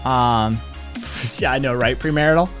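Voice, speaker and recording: A man's voice: medium pitch, a little slow, a bit bright, faint music behind. A man hosting a live stream, chatting casually in a rambling, profane way. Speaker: streamer host.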